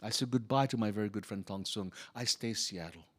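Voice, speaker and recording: Here the same storyteller sounds lower and natural, moving a little quickly. He stays in character as a wistful, good-humored, humble Chinese immigrant worker from Hawaii, narrating in the first person in broken English.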